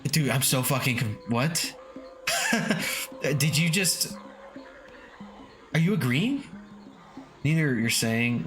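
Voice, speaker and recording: A laid-back male streamer chats from his home setup, his voice rising and falling a lot as he talks. He swears freely and chuckles often while reading chat aloud. Faint lofi music plays softly behind him. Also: medium pitch, expressive, takes it slowly, long pauses. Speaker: game streamer. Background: faint lofi background music.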